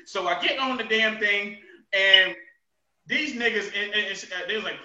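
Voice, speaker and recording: High, bright-voiced ranting man. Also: lively intonation, fairly quick. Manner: loud, profane ranting with shouted outbursts and laughter. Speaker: podcast co-host. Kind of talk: casual chat. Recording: roomy, distant, dull sound.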